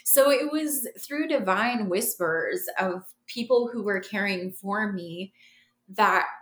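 A woman guest on a podcast, telling her story in an animated way, laughing and acting out the voices of the people in it. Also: medium pitch. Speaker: podcast guest, massage therapist. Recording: roomy echo.

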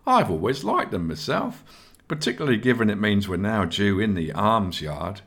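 A man's voice: lowish voice, big pitch swings, moderate pace, a bit bright, slightly rough, heavily acted. A man doing a cheerful young novice. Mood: amused. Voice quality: light, good-humoured.

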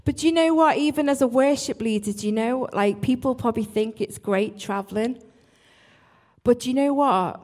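Speaking at a moderate pace in a slightly high, darkish voice, a woman worship leader delivers a heartfelt church talk. Her sentences often break off and restart, with apologetic asides along the way.

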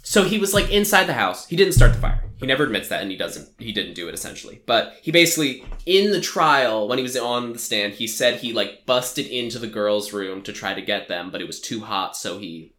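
Talking through a film's plot in a loose, filler-heavy way, this young man says "like" and "um" constantly, much like a laid-back podcast host. His bright, forward, medium-pitched voice is lively and fairly quick with few pauses, ringing in an echoey room.

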